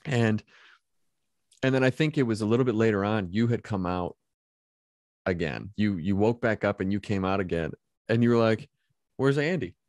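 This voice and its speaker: A male podcast host telling a story in casual chat, animated and laughing often, restarting his sentences as he goes. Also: lowish voice, moderate pace, long pauses, dry recording, studio quality.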